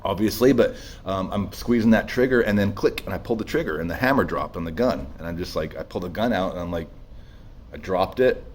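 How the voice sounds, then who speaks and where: Very deep-voiced man telling a raw story. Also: a little hiss or hum. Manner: raw, emotional, halting with many restarts and swearing. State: shaky with emotion. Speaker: speaker sharing his story. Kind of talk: personal testimony.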